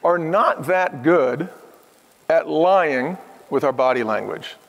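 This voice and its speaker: A man's voice: on the high side, lively intonation, slow, vocal fry, a bit bright. A man in his fifties, a guest on a podcast, telling stories earnestly and with emphasis in a conversational interview. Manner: earnest, emphatic storytelling that acts out the people he quotes. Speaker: podcast guest, former restaurant chief executive. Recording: long hall reverb.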